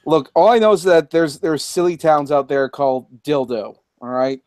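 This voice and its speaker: A man's voice: a little high, moderate pace, a little mellow, dry recording, clean studio sound. A man in an online chat, speaking hesitantly and stumbling over his words. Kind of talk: casual chat.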